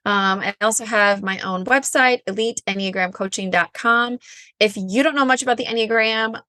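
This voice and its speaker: A bubbly woman in her thirties talks casually as an interview guest. She fills her speech with likes and ums. Her voice sits at a middle pitch and sounds dry and close. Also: normal speed, pushed and bright, no echo. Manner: bubbly, chatty, says like and um often. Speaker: guest, Enneagram coach.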